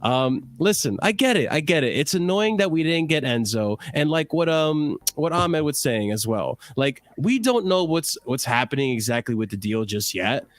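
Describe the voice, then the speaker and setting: High, lively voice of a ranting man. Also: moderate pace, few pauses, dry recording. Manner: profane, animated ranting. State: cranky from lack of sleep. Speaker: livestream co-host. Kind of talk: ranting fan livestream chat.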